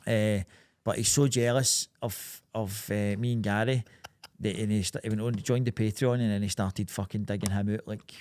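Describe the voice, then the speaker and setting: A man's voice: on the low side, fairly even intonation, normal speed, darkish tone, no echo. A young adult Scottish man co-hosting a podcast, rambling through sweary, laughing banter. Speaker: podcast co-host. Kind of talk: casual chat.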